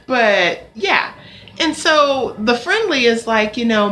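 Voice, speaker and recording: Young woman ranting on her vlog, bright sharp voice, fed up, faint hiss behind. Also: on the high side, slow, long pauses. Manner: animated, exasperated, swears. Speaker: vlogger.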